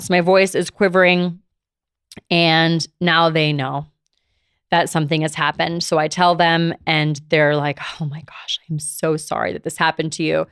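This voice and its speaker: A woman in her thirties who hosts a podcast tells a personal story confessionally, packing her speech with "like." Her voice is lowish, and the recording is clean studio sound with no room sound.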